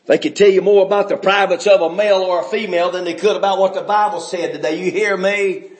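Fiery male preacher, high voice, shouts and drops low, roomy church sound. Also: steady tone, quick pace. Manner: shouting, swinging between loud outbursts and low, quiet stretches. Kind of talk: fiery sermon.

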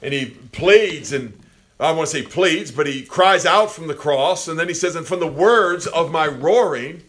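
A man preaching a sermon with passion, swinging from quiet, low passages to loud, near-shouted peaks. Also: lively intonation, unhurried.

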